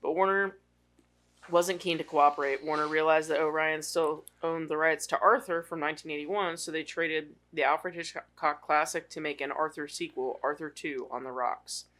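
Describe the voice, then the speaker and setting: A woman's voice: sits low, steady tone, normal speed, a bit bright. A woman co-hosting a casual movie podcast, reading out trivia with a wry, teasing manner. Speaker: podcast co-host, trivia segment.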